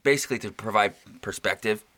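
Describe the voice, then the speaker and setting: A man's voice: fairly low pitch, fast talker, pushed and bright. A man hosting a casual chat, wry and rambling as he tells a story.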